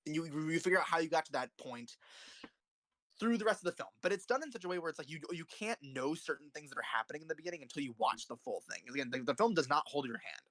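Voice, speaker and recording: Young male host, fast and heated, raving and cursing over favorite films; dry, close recording. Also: a little high, expressive, a bit bright, no room sound. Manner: rambling, passionate, swears often. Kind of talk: casual film commentary.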